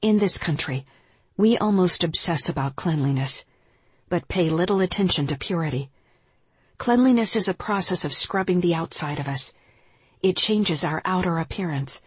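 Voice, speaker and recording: A woman who teaches yoga, reading her spiritual nonfiction aloud in a calm, measured, reflective way. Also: fairly low pitch, breathy edge, dry recording.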